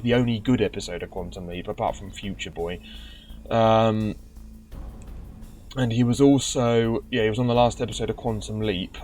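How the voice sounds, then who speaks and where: A man's voice: on the low side, a little mellow. A man giving casual gameplay commentary, grumbling and sarcastic, with stumbling restarts. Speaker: let's play commentator.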